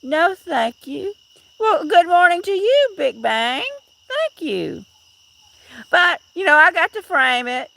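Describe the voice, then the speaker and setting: A woman's voice: high-pitched, bright, forceful tone. A middle-aged woman chatting on a casual outdoor live stream, rambling and greeting viewers by name. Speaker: livestream host.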